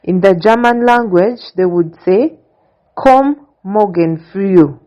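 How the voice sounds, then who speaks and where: A woman giving a slow, deliberate language lesson, stating each phrase and then its translation in a steady, patterned way. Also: medium pitch. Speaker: language teacher. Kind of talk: slow instructional narration. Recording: dull lo-fi recording.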